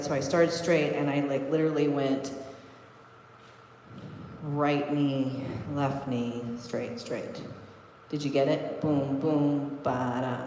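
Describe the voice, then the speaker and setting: A woman's voice: lowish voice, a little mellow, slight background noise. A woman teaching a belly dance class online, counting beats and cueing moves as she demonstrates. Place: large echoey dance studio. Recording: echoey studio with long reverb.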